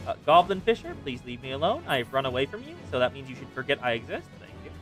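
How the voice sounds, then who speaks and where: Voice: medium pitch, sing-song, quick pace, a bit bright, soft background music. A game streamer chatting casually and talking to themself while playing. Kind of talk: casual live gameplay chatter.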